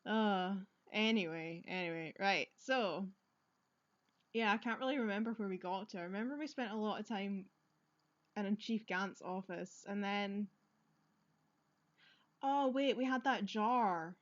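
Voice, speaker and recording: A let's-play streamer, this woman chats casually over a game, reads dialogue aloud, laughs a lot, and pokes fun at herself. Her mid-range voice moves a little slowly with frequent pauses, and the audio sounds dull.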